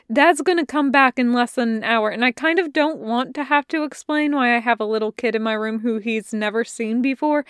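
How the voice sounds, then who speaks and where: A woman reading a crisp, earnest teenage girl. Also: high voice, no room sound, clean studio sound, pitched above the performer's own voice, lightly acted. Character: brisk, polite teenage girl on the phone.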